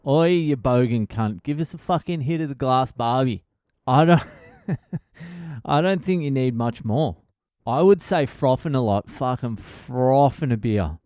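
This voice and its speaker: Crude Australian comic host, swears constantly, clear resonant voice, dry close sound. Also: male voice, medium pitch, lively intonation, unhurried, mellow, no echo. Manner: laughs at his own jokes. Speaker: podcast host, comedian. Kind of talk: casual comedic monologue.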